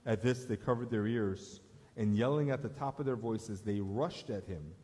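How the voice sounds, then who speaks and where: A man's voice: fairly low pitch, normal speed, dark tone. A man preaching a sermon as pastor, telling a story in an earnest way that rises to emphatic appeals, in a church sanctuary. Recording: echoey church hall.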